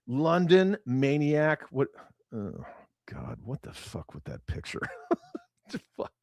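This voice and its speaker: A man hosting a casual livestream, reading viewer comments aloud and reacting bluntly with lots of swearing, his voice swinging from loud outbursts to muttered asides. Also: mid-range voice, huge pitch swings, takes it slowly, vocal fry, no room sound. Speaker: livestream host.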